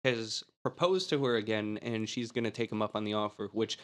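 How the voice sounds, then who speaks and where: A man's voice: lowish voice, fairly quick. A man co-hosting a podcast, recapping a film in casual chat, rambling and laughing often as he quotes lines. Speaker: podcast co-host.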